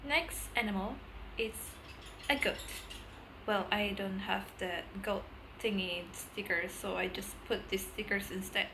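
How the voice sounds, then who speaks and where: A young adult woman making a playful home video, introducing each animal sound in an easy, unhurried way. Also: mid-range voice, bright, forceful tone. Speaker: vlogger. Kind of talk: casual chat. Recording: noisy background hiss.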